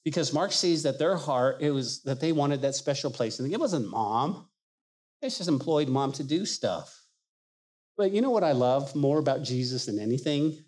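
A man preaching a sermon as pastor, animated and emphatic, acting out the people he quotes. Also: medium pitch, normal speed.

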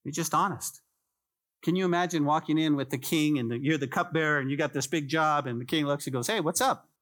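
A pastor delivering a sermon in a casual, conversational way. His voice sits slightly high for a man, and he keeps repeating phrases to drive a point home. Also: brisk, fairly bright tone. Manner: conversational preaching, addresses listeners as "guys", repeats phrases for emphasis.

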